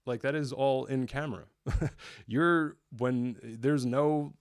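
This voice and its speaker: A man's voice: mid-range voice, takes it slowly, dry recording, clean studio sound. A young man from the New area, chatting casually and enthusiastically as a show reviewer, often restarting his sentences. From New York area. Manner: rambling, self-correcting, enthusiastic.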